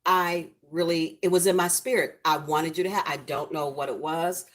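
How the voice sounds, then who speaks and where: A woman's voice: low voice, steady tone, moderate pace, fairly bright tone. A middle-aged woman hosting a casual home cooking livestream, chatting affectionately with viewers in the comments. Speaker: cooking channel host. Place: home, lit by a ring light.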